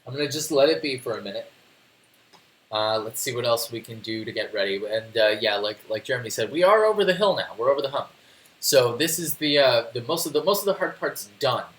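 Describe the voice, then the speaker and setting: A man's voice: medium pitch, animated, a little fast, fairly bright tone, reverberant, a little hiss or hum, poor audio. A man casually walking viewers through a phone tutorial on a live stream, rambling and answering chat. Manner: chatty, rambling, reads chat aloud, restarts often. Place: home desk.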